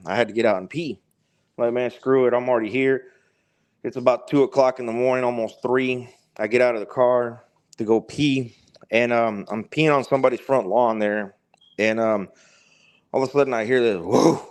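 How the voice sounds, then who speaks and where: A man as a podcast guest telling a long, halting story in casual talk, swearing freely. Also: medium pitch, smooth.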